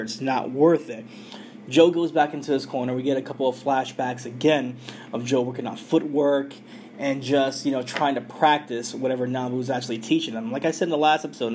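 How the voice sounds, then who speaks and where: Male podcast host, mid-pitch, loose chatty recap delivery, faint hiss in the background. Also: a little mellow. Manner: loose, filler-heavy retelling with quoted dialogue. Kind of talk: casual episode recap.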